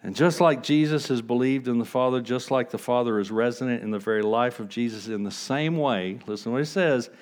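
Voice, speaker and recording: A male pastor preaches conversationally in a medium-pitched voice, posing rhetorical questions to the congregation. His delivery swings between hushed and emphatic.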